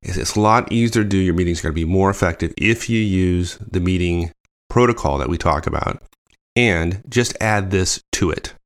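A man hosting a podcast, easygoing and quick to laugh, laying out points step by step. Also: deep voice. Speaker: podcast host. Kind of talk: casual podcast chat.

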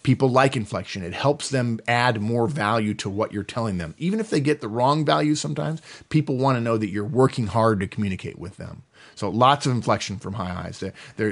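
Fast-talking animated middle-aged man. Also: on the low side. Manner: fast, animated, frequent laughter. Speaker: podcast co-host. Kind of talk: animated casual chat.

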